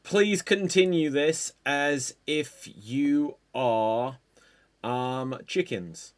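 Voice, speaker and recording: A man hosts an online improv show over a video call, setting up games and calling "freeze." His delivery is slow and dry, and his voice sits in an ordinary middle pitch. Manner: unhurried, dry, calls out game prompts.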